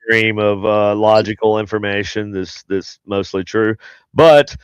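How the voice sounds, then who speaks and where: A man's voice: fairly low pitch, fairly even intonation, measured pace, clean tone, no echo. A man hosting a paranormal podcast, chatting casually and rambling with many fillers and restarts. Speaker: podcast host. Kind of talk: casual chat.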